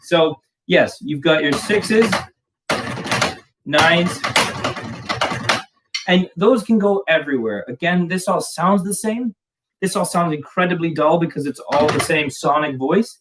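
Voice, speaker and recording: A man's voice: on the high side, measured pace, long pauses, fairly bright tone. A man teaching drums in a casual video lesson, jokey and rambling, poking fun at himself. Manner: jokey, rambling, self-deprecating. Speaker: drum teacher. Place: home drum room. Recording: distant mic with clear background noise.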